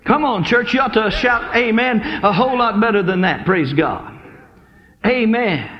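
Fervent male preacher, very high voice, exhorting a congregation; dull lo-fi service recording. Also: animated, normal speed. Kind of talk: sermon. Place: church service.

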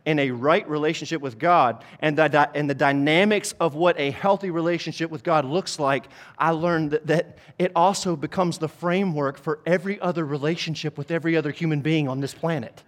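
A man preaching a sermon as pastor, driving points home with repetition and climbing into loud, urgent exhortation. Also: on the high side, brisk, few pauses. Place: church sanctuary.

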